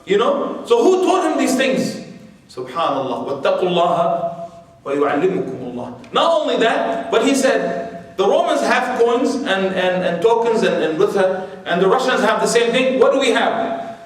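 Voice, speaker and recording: High-voiced man lecturing in a very echoey hall. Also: expressive, normal speed. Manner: chatty and digressive, with many "you know" and rhetorical questions. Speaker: Islamic lecturer. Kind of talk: religious history lecture to an audience. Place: large room with a live audience. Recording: very echoey hall, mic far off.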